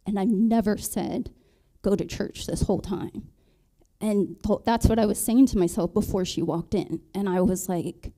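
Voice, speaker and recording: A married woman on a panel, telling her conversion story in a halting way, with many ums and restarts. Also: medium pitch, dark tone. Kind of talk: personal testimony in a panel talk.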